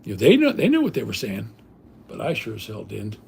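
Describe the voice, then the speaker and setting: Gravelly older man rambling through stories. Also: lowish voice, huge pitch swings, fairly quick, a little mellow. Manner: blunt, rambling, salty language. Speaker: livestream host. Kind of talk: casual rambling storytelling.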